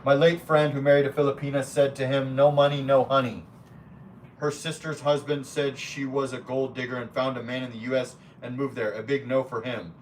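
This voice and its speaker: A man live streams casually, reading chat comments aloud and speaking bluntly, with plenty of swearing and rambling asides. His mid-range voice has little pitch movement and moves fairly quickly with hardly any pauses. The mic is distant, with a little hiss or hum.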